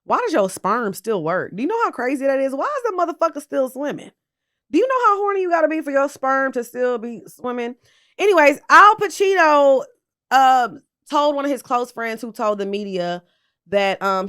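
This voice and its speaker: A tipsy woman with a high, expressive, slightly bright voice hosts a casual pop culture gossip show at normal speed. She talks to her viewers bluntly and with sass, swearing freely.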